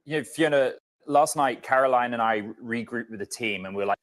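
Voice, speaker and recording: A man's voice: mid-range voice, a little fast. A man co-anchoring a finance broadcast, putting direct questions to a guest and addressing her by name. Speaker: news anchor.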